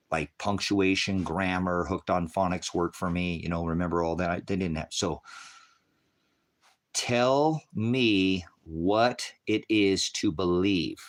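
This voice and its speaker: A very low-voiced man preaching live to an online audience. He curses constantly and belittles viewers. He lurches from loud outbursts to low mutters. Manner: profane, combative, berating viewers; loud, swings between shouting and muttering. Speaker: livestream preacher. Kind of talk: ranting livestream preaching to chat.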